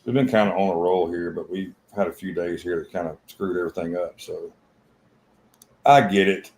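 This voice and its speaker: A man's voice: sits low, steady tone, normal speed, a little mellow, slight background noise, low-quality recording. A blunt man co-hosting a live trading stream, chatting casually, swearing freely and retelling stories with quoted lines.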